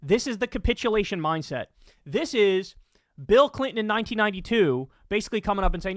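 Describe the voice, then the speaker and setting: A man's voice: high-pitched, expressive, fast talker, no echo, clean studio sound. A man hosting political commentary, ranting angrily with lots of swearing. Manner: angry, profane ranting.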